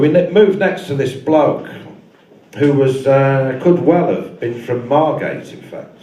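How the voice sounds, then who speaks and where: A man's voice: lowish voice, warm tone, slight background noise. A male stand-up comedian doing a live set, telling a rambling story with dry asides. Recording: echoey live room from far off.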